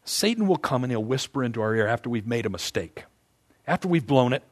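A man's voice: medium pitch, animated, fast. A male pastor preaching a conversational sermon, emphatic and often repeating his words as he builds a point.

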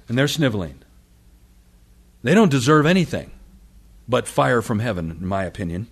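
A man's voice: medium pitch, unhurried, pauses often, husky. A man preaching a sermon, reading scripture aloud and acting out the voices of the people and of God. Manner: animated, acts out quotes of the people and God. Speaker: pastor.

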